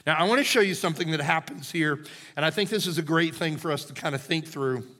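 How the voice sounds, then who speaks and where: A male pastor delivers a sermon at a quick pace, emphatic and animated, often checking in with the room. His fairly high voice is bright and forceful, trailed by the long reverb of a church sanctuary.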